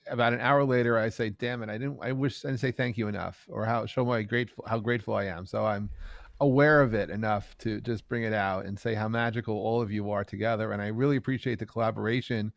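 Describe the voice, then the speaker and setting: A male host speaking casually and earnestly, halting with many restarts as he thanks his guests. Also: lowish voice, steady tone, creaky, no room sound. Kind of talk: casual hosting chat.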